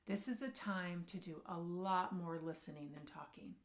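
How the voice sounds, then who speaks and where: A woman working as a parenting coach and social worker, speaking to camera and giving advice directly to parents in an earnest, gentle way. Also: lowish voice, moderate pace.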